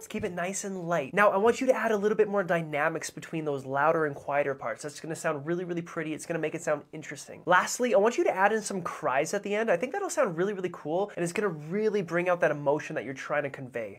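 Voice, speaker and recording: A woman's voice: fairly low pitch, animated, quick pace, few pauses. A woman from Canada, a vocal coach giving encouraging, step-by-step singing tips in a lesson skit. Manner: encouraging, instructive.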